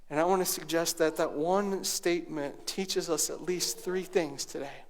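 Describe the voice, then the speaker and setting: A man's voice: a little high, fairly even intonation, normal speed, hardly any pauses, slight background noise. A male pastor delivering a sermon, dropping to near-whispers and rising to raised, emphatic preaching. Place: church sanctuary.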